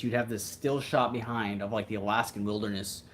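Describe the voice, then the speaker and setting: A man's voice: fairly low pitch, steady tone, fairly quick, slight background noise. A man hosting a livestream, chatting casually in a rambling, reflective way. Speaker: livestream host.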